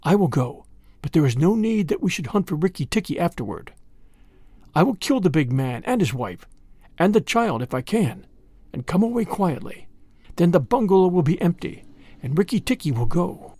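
A man voicing a murderous male cobra in a storybook reading, measured and menacing. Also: high voice, very animated, dark tone, slightly rough, dry recording, studio quality, exaggerated voice.

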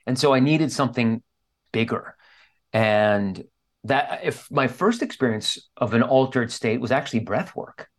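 A man's voice: medium pitch, lively intonation, a little slow. A man speaking as an interview guest, telling a candid personal story in an earnest, openly emotional way. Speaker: guest author.

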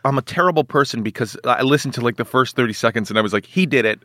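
Male actor guest, 40s, middle pitch, rambling and self-deprecating, close dry studio mic. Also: rapid-fire, fairly bright tone, dry recording. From United States. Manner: rambling, self-mocking, many restarts. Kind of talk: casual podcast interview.

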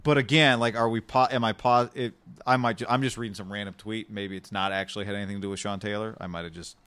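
Podcast co-host: man with a lowish voice, relaxed, stumbles and corrects himself as he goes. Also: smooth. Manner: halting, self-correcting, easygoing. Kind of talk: casual sports chat.

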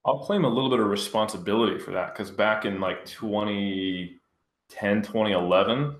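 A very low-voiced man talks in a measured way, with a dry sense of humor in a casual panel discussion. His voice sits in a noticeably roomy, echoing space. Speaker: panel guest.

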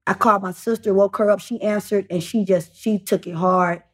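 A young adult woman speaking as a podcast guest uses a steady tone at medium pitch. She tells her story casually but haltingly, restarting often and leaning on many fillers.

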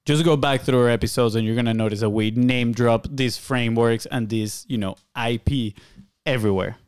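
A man's voice: mid-range voice, moderate pace, clean tone, dry recording. A man co-hosts a business podcast in a casual, joking way. He leans on fillers and keeps checking in with "right?". His voice sits close and dry, with no room sound. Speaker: podcast co-host.

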